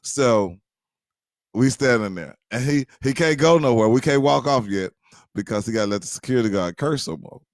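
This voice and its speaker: A man casually telling a funny personal story to his viewers, animated, addressing them directly and often checking that they follow. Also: mid-range voice, normal speed, dry recording, studio quality. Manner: animated, addresses listeners directly, many fillers.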